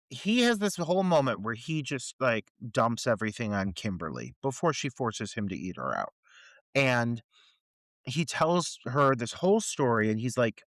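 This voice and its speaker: A man's voice: medium pitch, huge pitch swings, unhurried, fairly bright tone, no room sound. A man co-hosting a movie podcast, ranting with profane disbelief about a film's plot holes in casual chat. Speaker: podcast co-host. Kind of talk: casual film review chat.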